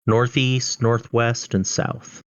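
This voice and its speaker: A man narrates monster turns as dungeon master, unhurried and full of hesitations. His voice is bone-dry and a little dull, as on an online voice call. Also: medium pitch, flat delivery, clean tone, no echo. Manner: hesitant, many fillers. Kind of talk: narrating a tabletop game online.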